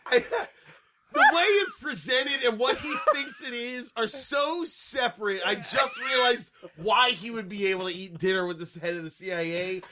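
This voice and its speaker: An animated man in casual movie chat who swears and breaks into shouting laughter. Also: extremely high pitch, normal speed, crowd noise.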